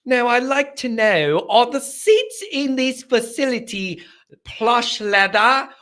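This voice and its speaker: A man's voice: extremely high pitch, sing-song, slow, pushed and bright, voice pushed up, full character voice. A man voicing a snobbish rich man who demands luxuries, speaking in a haughty, made-up foreign accent.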